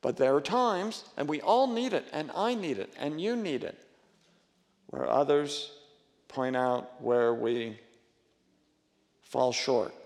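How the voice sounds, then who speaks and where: Male pastor, somewhat high voice, earnest conversational sermon, long hall reverb. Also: takes it slowly, vocal fry, long pauses. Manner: earnest, conversational preaching with frequent restarts and rising emphasis.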